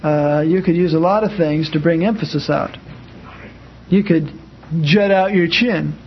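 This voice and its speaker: A man's voice: fairly high pitch, a little slow, dull audio, a little hiss or hum. A man teaching an informal class, talking in a conversational way and acting out spoken examples, with frequent fillers.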